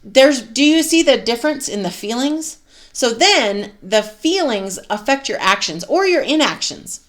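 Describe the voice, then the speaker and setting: A woman's voice: a little high, expressive, a little slow. Candid, swearing woman self-help host. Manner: candid and profane, with laughs and sighs. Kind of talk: motivational self-help talk.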